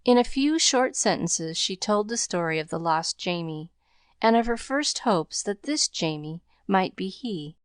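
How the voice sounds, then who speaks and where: A woman reading an audiobook aloud in measured, even scripted narration. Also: medium pitch, smooth, no echo, studio quality.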